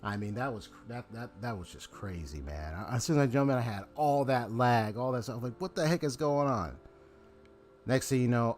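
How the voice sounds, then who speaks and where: A man's voice: medium pitch, normal speed, a little mellow. A man chatting casually to his live-stream viewers, rambling with lots of fillers and restarts, on a desk microphone at his home gaming setup.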